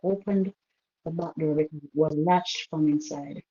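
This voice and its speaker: Soft-spoken woman on a muffled phone line. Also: low voice, fairly even intonation. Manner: soft-spoken, halting with restarts. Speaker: caller. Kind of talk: emotional personal story on a call-in show. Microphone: phone call.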